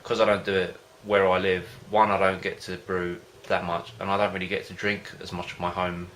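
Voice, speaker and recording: Deep, flat-voiced rambling home-brew vlogger. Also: male voice, brisk, slight background noise. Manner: rambling, hesitant, loses his thread. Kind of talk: casual rambling chat to camera.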